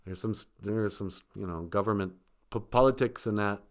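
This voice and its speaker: A man's voice: fairly low pitch, a little fast, natural voice. A man voicing an easygoing husband who turns mock-polite when asking for a room. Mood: laid-back. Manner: laid-back, falsely formal when asking.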